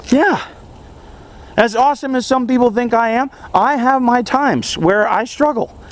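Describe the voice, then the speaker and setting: A young man in a casual self-help vlog monologue, earnest and animated, chuckling often as he talks. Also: sits high. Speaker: vlogger.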